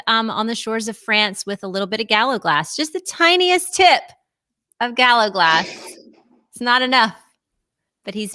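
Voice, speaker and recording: A woman's voice: medium pitch, bright, forceful tone, no echo. Bubbly woman hosting a chatty live stream. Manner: bubbly, chatty, laughs often. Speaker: host. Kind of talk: casual live-stream chat.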